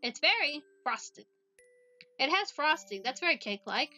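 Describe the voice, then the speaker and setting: A woman's voice: sits high, very animated, moderate pace, pushed and bright, faint music behind, full character voice. A woman voicing an earnest, polite young witch girl who talks in a formal, careful way in a voiced visual novel. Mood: tactful.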